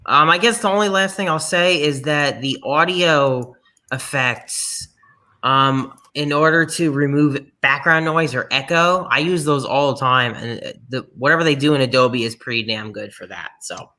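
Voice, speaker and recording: A man on a video call panel casually walking through his editing software, relaxed and hesitant. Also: mid-range voice, moderate pace. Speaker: panel guest. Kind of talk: casual tech demo chat.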